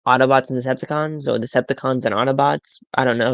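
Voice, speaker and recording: A man rambles through a casual live stream about toys, tripping over his words and repeating himself. His voice has a gravelly fry to it. The sound is dry and close, with no room echo. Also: medium pitch, fairly even intonation, fast, highs cut off. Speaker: toy collector streamer.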